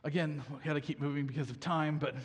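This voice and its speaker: A man's voice: a little high, steady tone, quick pace, slightly rough. Man preaching in a reverberant hall. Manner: conversational, with self-corrections and asides. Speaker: pastor. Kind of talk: sermon with scripture reading.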